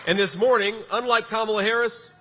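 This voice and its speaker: A man's voice: sits high, steady tone, fairly quick, pushed and bright. A man, a political candidate, delivering a campaign rally speech in a large venue, with punchy emphasis and sarcastic jabs. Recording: echoey hall sound with faint background noise.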